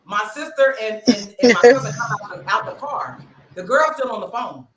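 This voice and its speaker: A woman's voice: on the high side, lively intonation, normal speed, a loud crowd. A woman co-hosting a podcast, telling a story dramatically and acting out each person in it. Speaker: podcast co-host. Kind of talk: animated storytelling. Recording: roomy echo.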